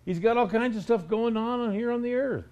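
High-voiced stern male preacher. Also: a little fast, a little mellow. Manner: emphatic, rhetorical questions, stern. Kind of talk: sermon.

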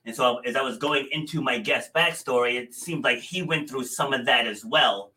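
A man's voice: medium pitch, moderate pace, sharp tone, poor audio. A man with a New England accent hosting a podcast interview, chatty and friendly, laughing often. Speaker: podcast host. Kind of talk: casual interview chat.

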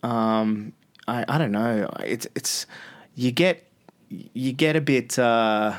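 A man's voice: medium pitch, takes it slowly. A man with an Australian accent, a radio host talking as a guest in a casual podcast interview, laid-back and rambling with lots of fillers.

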